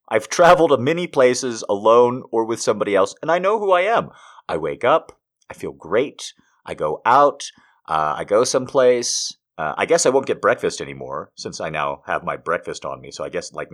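A podcast host talking in a casual, animated monologue, swearing and swinging between low mutters and loud outbursts. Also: male voice.

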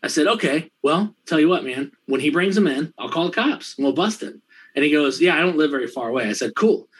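A man with a fairly high voice tells a story in casual chat. He swears freely, laughs between lines and voices everyone in it himself. His delivery runs quick and rambling, full of fillers. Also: animated, husky, rough recording. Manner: profane, laughing anecdotes with quoted dialogue. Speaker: storyteller in a conversation.

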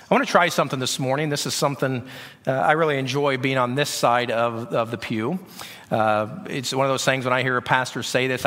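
Bright-voiced pastor preaching in a hall. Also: male voice, mid-range voice. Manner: conversational, often repeating words. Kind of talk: sermon. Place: church sanctuary. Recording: long reverb of a church hall.

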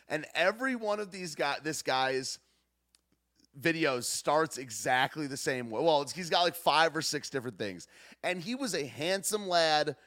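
A man's voice: a little high, fairly bright tone. A man hosting a podcast, giving brash casual commentary and sing-song sign-offs. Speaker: podcast host and streamer.

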